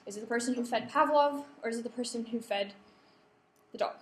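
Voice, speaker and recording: A woman's voice: fairly high pitch, fairly quick, slight background noise. Woman lecturing with ums in a roomy hall. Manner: explanatory, with frequent ums and self-corrections. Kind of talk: academic writing workshop talk. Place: lecture room. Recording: echoey lecture room.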